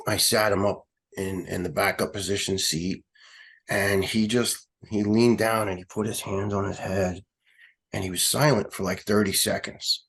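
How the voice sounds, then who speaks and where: A middle-aged man with a New York accent, a retired fire lieutenant telling a personal story in an interview, halting and emotional with many restarts. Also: low voice. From United States.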